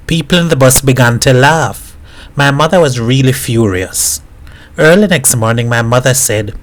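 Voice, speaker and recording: A man from Jamaica reading a novel aloud in a steady storytelling voice. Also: medium pitch, normal speed, low-quality recording. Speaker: reader.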